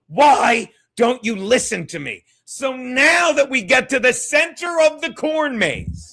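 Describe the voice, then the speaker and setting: High-voiced ranting male streamer. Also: very animated, a little slow, gravelly, hardly any pauses. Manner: profane, rambling, mocking; repeats himself, shouts at times. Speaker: streamer host. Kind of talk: ranting live stream commentary.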